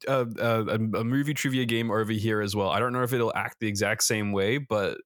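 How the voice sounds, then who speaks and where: A man's voice: fairly low pitch, steady tone, a little fast, a bit bright, dry recording, clean studio sound. A man co-hosting a movie podcast, chatting casually and joking loosely with the odd swear. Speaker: podcast co-host. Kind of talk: casual chat.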